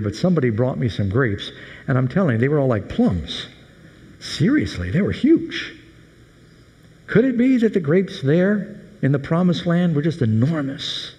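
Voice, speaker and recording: Male pastor, animated and humorous sermon delivery, swooping pitch, big hall reverb.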